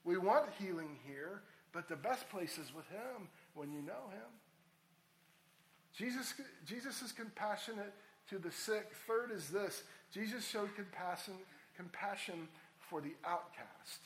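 A man's voice: sits high, lively intonation, measured pace, a bit bright, echoey room, a little hiss or hum, rough recording. A man preaching a sermon as a pastor, earnest and rising to emphatic appeals.

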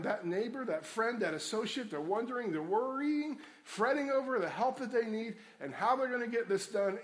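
A middle-aged man preaching a sermon, earnest and repeating key phrases for emphasis. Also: high-pitched. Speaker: pastor.

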